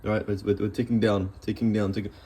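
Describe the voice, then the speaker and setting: A man's voice: on the low side, flat delivery, fast, mellow. A man giving a rambling, joking cooking demonstration in a home kitchen. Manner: joking, rambling, self-deprecating. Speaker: cooking vlogger.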